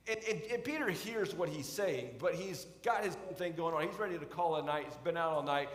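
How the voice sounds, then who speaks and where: A man preaching in a church sanctuary with a fairly high voice. He talks in a loose, conversational way and often restarts his phrases. His voice rings with long reverb in the room. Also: a little fast. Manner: conversational storytelling with frequent restarts. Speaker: pastor. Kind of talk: sermon.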